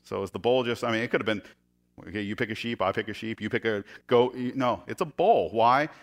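A man preaching a sermon, retelling a scripture story with sarcastic jokes, laughing now and then and acting out the quoted lines in shifting voices. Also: a little fast. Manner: acts out quoted speech in higher and lower voices. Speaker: pastor.

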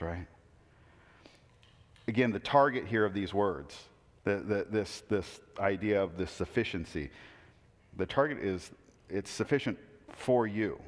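A man preaching a conversational sermon, casual and wry, with asides and self-corrections. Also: lowish voice. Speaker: preacher teaching a Bible class. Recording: reverberant hall.

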